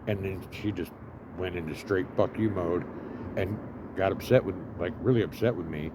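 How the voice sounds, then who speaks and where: Low-voiced man telling a profane story. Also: moderate pace, noisy background. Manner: profane, rambling, full of fillers. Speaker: vlogger living homeless. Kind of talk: rambling storytelling.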